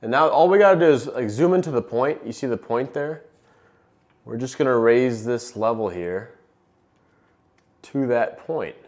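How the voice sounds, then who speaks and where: Pausing often, this young New Hampshire man speaks at a normal speed in an expressive, mid-range voice with a darkish tone. He's filming a casual fish-keeping vlog in his basement and other rooms, chatting and joking to camera as he works.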